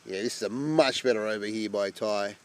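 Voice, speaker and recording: A man's voice: fairly low pitch, brisk, smooth. Man calling amateur cricket. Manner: chatty, bursts into loud excitement at wickets. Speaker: cricket commentator. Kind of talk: live amateur sport commentary.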